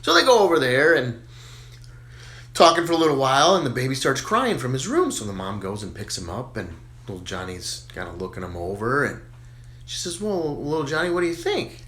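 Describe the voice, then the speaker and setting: A man casually telling dirty jokes one after another. He is an animated storyteller who chuckles along, and his pitch swings up and down a lot. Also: fairly quick. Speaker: joke teller.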